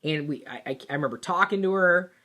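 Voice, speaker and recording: A woman telling a personal work story in a casual, animated way, with plenty of fillers and restarts. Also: low voice, fast, highs cut off. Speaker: vlogger.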